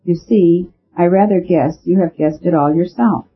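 A man voicing a quiet, shrewd male priest who speaks calmly and patiently in a storybook reading. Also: sits high, normal speed, voice pushed up. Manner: calm, gloomy, patient. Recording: narrow phone-like sound.

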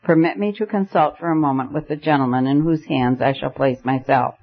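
A man reading an audiobook, voicing a reckless, tipsy young gentleman who picks a quarrel in mock earnest. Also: a little fast. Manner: mock-earnest, then low and urgent. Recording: dull lo-fi recording.

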